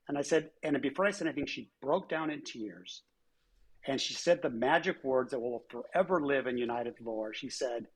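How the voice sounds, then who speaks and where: An older man with a husky, slightly breathy voice tells stories in a relaxed interview. He restarts often and slips into quoted voices as he talks. His pitch sits in an ordinary middle range. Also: moderate pace, rough recording. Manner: animated storyteller with frequent restarts and quoted voices. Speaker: former airline chief executive, interview guest. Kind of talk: conversational interview storytelling.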